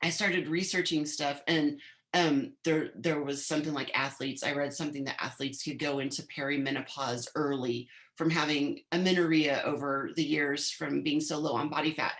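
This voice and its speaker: Telling a long, chatty story as a guest on an interview podcast, this former bodybuilder in her fifties keeps replaying in quotes what she said at the time. She speaks at normal speed in a low, slightly bright voice with fairly even intonation.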